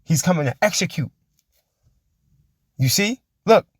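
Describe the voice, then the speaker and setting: A man preaching emphatically, reading scripture slowly and forcefully and checking in with his listeners again and again. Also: sits high, animated, no echo, studio quality. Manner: emphatic, keeps asking "you see?" and saying "man". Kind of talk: street-style sermon with scripture reading.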